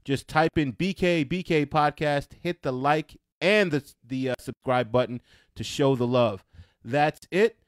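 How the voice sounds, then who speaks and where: A man's voice: mid-range voice, clear, resonant tone, no room sound. Chill guy hosting a sports podcast, dead dry studio sound, laughs a lot. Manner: laid-back, laughs often, quick asides. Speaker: podcast host. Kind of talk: casual sports chat. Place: small studio.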